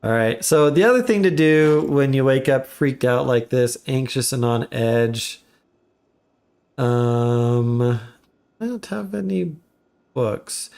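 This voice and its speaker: A man giving relaxed, chatty commentary while live streaming a game. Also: mid-range voice, slow pace, vocal fry, clear, resonant tone. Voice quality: relaxed, chatty, laughs often.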